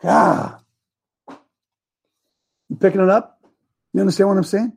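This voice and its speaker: A man giving a fiery political speech to a crowd, shouting rhetorical questions. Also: high voice, fairly even intonation, a little slow, gravelly, breathy edge. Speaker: speaker addressing a crowd.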